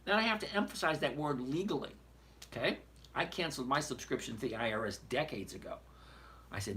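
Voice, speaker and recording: A man hosts a live trading stream, reading viewer questions aloud and bluntly working through the numbers on his screen in casual chat. His mid-range voice is animated, fast, and fairly bright, with a little hiss or hum on the audio.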